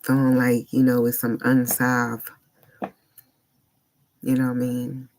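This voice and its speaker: A man talking earnestly in a personal vlog monologue, searching for words in short halting phrases and sounding emotionally unsettled. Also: mid-range voice, completely flat delivery, a little mellow. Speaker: vlogger.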